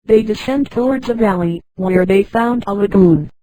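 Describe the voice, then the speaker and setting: Female text-to-speech narrator, warm dark tone, dry close sound, reads punctuation aloud. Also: medium pitch, normal speed, dry recording, rough recording. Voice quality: flat synthetic reading that voices punctuation marks aloud. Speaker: audiobook narrator. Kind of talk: scripted narration.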